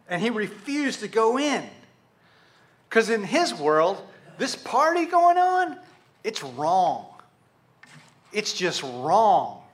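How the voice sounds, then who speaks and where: A man preaching a sermon to a congregation, animated, asking rhetorical questions and speaking to them directly. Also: sits high. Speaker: pastor.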